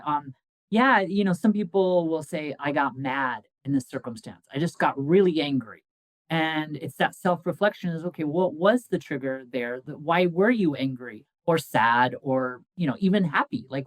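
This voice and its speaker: A man hosting an interview, reflecting on what guests say and gently probing with soft affirmations. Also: a little high, no echo, low-quality recording. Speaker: host.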